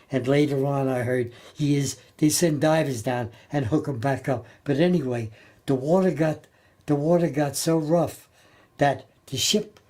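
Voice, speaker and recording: An older man recalling his time as a Navy sailor in a halting, plain-spoken way, often repeating and restarting his words. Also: on the high side, warm tone. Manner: plain-spoken, colloquial grammar. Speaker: Navy veteran interviewee. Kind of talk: oral history storytelling.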